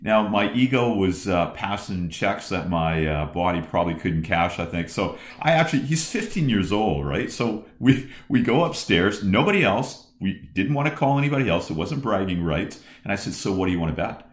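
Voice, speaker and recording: A man in his fifties hosts the conversation. His voice is deep and he tells his story with lots of starts and restarts. The room around him adds a noticeable echo. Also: normal speed, few pauses. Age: 50s. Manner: animated storyteller with many restarts. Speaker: podcast host and former football coach. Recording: roomy echo.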